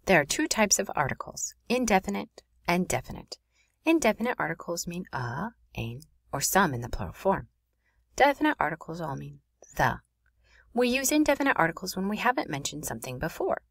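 A woman teaching a French grammar lesson in a clear, explanatory voice. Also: lowish voice, big pitch swings, brisk, a bit bright, no echo, studio quality. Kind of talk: recorded classroom lesson.

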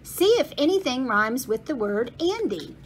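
A level-headed schoolboy leader speaks calmly, a little lower than the reader's own voice, as a woman reads his lines. He keeps the storybook team on track. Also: normal speed, a little hiss or hum.

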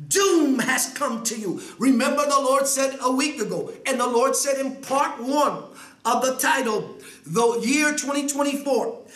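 A man preaching an impassioned prophetic sermon, often shouting and repeating his phrases for emphasis. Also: very high voice, echoey room.

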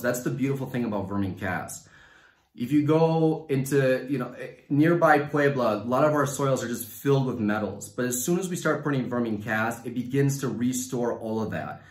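A man with a Mexican Spanish accent speaks with upbeat enthusiasm, explaining his science to a panel. His voice sits at an ordinary middle pitch. The sound carries a noticeable room echo. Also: expressive, normal speed. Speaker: science communication finalist. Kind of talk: science talk and audience Q&A.

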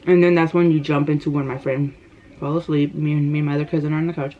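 Woman in her 30s, lively breathless storytelling while eating, slightly muffled camera mic. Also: low voice, fast talker, slight background noise. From United States. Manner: animated, gasping, breathless retelling. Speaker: mukbang vlogger. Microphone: camera microphone. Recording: slightly dull lo-fi sound.

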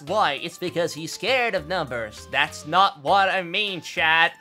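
A man's voice: high-pitched, lively intonation, slow pace, sharp tone, soft background music. A young Australian man streaming, reacting to fan memes in casual chat, laughing often and swearing freely.

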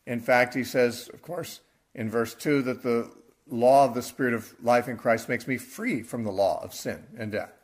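A man teaches through a scripture passage verse by verse, in a plain, mid-pitched voice. His delivery is unscripted and explanatory, and he restarts phrases and corrects himself as he reasons aloud. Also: moderate pace. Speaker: Bible teacher.

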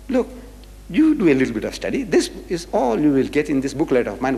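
A man's voice: fairly high pitch, huge pitch swings, brisk, dark tone. A man from Africa, giving a religious public lecture in an emphatic, rhetorical way that drives each point home with repeated questions. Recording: reverberant lecture hall recording.

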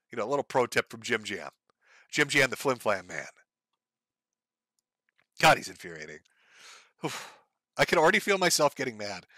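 Profane, sarcastic male streamer with a bright voice. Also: medium pitch, no echo. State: sore, says his throat gives out. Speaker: live stream host. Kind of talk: ranting live stream commentary.

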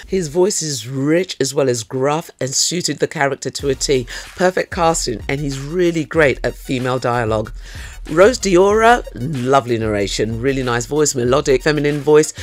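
A man hosting an audiobook review show, delivering a scripted monologue at a middle pitch. He is playful and cheeky and gets loud and emphatic when he rants. Faint music plays under his voice. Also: normal speed.

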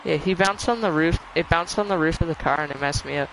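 A man's voice: a little high, fast talker, creaky, a bit bright, a little hiss or hum, poor audio. A man hosting a casual gaming session, joking with his friends and calling out plays over a headset. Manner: joking, teasing callouts to teammates. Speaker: channel host and gamer.

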